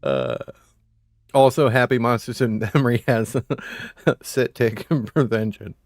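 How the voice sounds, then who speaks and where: A man's voice: medium pitch, slow, no echo, studio quality. A man streaming a game live, chatting casually with viewers, swearing a lot and laughing often. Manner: profane, laughing, rambling. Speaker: livestream gamer.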